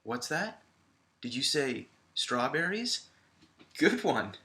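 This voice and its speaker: A male high school English teacher giving a recorded video lesson, talking to viewers in a conversational way with frequent fillers. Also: very animated, slow pace, pushed and bright.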